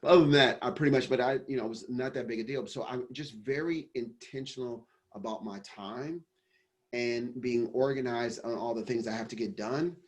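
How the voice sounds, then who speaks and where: A man's voice: medium pitch, fairly quick. A man, a business coach and company founder, giving a casual interview answer in a rambling way with many restarts.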